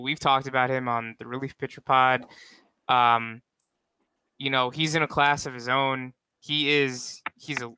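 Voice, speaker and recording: Hesitant man with a crisp voice. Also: mid-range voice, bright, forceful tone, no room sound. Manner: hesitant, full of ums and restarts. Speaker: podcast co-host. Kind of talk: casual podcast chat.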